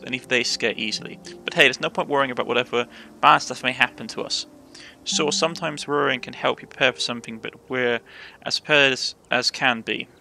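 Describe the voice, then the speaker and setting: A man's voice: medium pitch, gravelly, bright, forceful tone. A man reading a bold young monster hunter woman. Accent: Cornish. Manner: chatty, reassuring, stumbling restarts.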